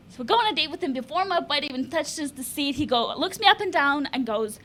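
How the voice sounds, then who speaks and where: High-voiced woman doing stand-up. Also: quick pace, hardly any pauses. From Lithuania. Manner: deadpan self-mocking delivery, laughing at her own jokes. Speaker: stand-up comedian. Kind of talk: live stand-up set. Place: comedy club stage.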